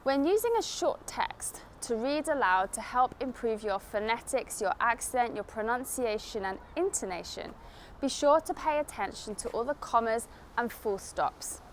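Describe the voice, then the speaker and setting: A woman with a South East England estuary London accent, giving a spoken English lesson to camera in a clear, deliberate teaching manner. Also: a little high, animated, slight background noise. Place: outdoors in a city.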